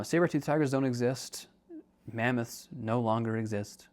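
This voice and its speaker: Calling his listeners dude, a young podcast host who is also a counselor jokes around and explains ideas in a casual, chatty style. His voice is on the low side with a darkish tone.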